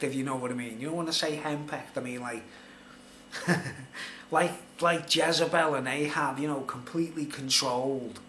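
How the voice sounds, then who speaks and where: A man's voice: medium pitch, sharp tone. A middle-aged man telling a rambling personal story in a casual vlog, full of "like" and "you know". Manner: rambling, filler-heavy, conversational. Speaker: vlogger. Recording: roomy echo, faint background noise.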